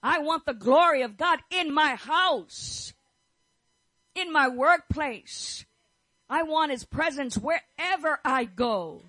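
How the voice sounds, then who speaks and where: A woman's voice: sits high, lively intonation, takes it slowly, pushed and bright, no room sound, low-quality recording. A middle-aged woman preaching a fervent sermon, declaring and repeating her phrases as she prays over the listeners. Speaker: pastor's wife preaching.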